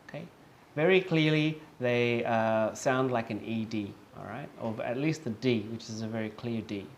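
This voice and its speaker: A man teaching English, speaking slowly and patiently, repeating example words several times and checking in with "okay?" often. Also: medium pitch, a little hiss or hum. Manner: slow and patient, with many fillers and checks of "okay?". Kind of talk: online lesson.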